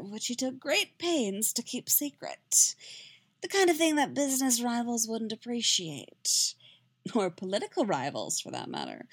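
A woman's voice: medium pitch, dry recording, clean studio sound, pitched above the performer's own voice. A woman voicing a haughty, cold-tongued sorceress who drawls her cutting words, in a fan fiction reading.

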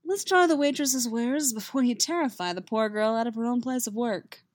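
A woman's voice: a little high, moderate pace, dry recording, voice pushed up, natural voice. A woman voicing a playful, affectionate young male bard.

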